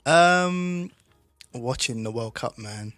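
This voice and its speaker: A man's voice: mid-range voice, expressive, takes it slowly, a bit bright, no echo, soft background music. A man co-hosting a podcast, jokey and laid-back in casual chat. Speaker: podcast co-host.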